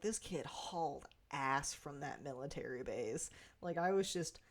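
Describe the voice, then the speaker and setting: A woman giving a casual, animated review of a TV episode, laughing often and swearing freely. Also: fairly low pitch. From Pacific Northwest, USA. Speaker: YouTube reviewer.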